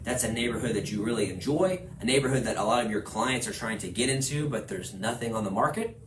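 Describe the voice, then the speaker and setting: A man from Houston giving a class to real estate agents, energetic, acting out little quoted conversations as he talks. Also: on the low side, quick pace, a little hiss or hum. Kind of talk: class lecture. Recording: echoey room with faint ambience.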